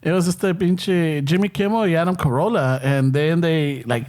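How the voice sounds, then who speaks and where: A man's voice: fairly high pitch, normal speed, a little mellow, a little hiss or hum. A man with a Mexican-American accent co-hosting a podcast in casual chat, laughing, swearing and mixing Spanish into his English. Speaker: podcast co-host.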